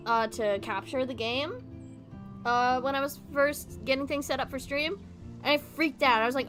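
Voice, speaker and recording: A young woman in her twenties streaming a game live, gushing excitably and swearing casually as she chats to viewers. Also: sits high, unhurried, faint music behind.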